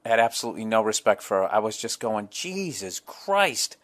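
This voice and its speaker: A man's voice: on the low side, little pitch movement, racing. A middle-aged man, hosting a solo podcast, telling profane, rambling comic stories. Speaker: podcast host.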